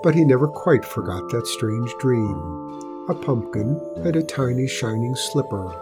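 A man gently reading a children's storybook aloud as narrator, slow and unhurried. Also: medium pitch, lively intonation, over music.

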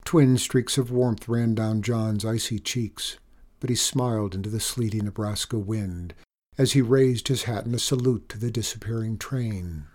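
A man reading a story aloud in an even, measured storytelling manner. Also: on the low side. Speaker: narrator. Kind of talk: audiobook narration.

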